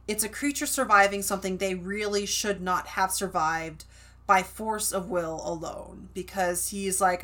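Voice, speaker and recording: An American woman in the middle of a casual book podcast. She talks in a chatty, loose way, full of "like" and quick restarts. Her pitch sits in an everyday middle range. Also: bright, forceful tone. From United States. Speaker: podcast co-host.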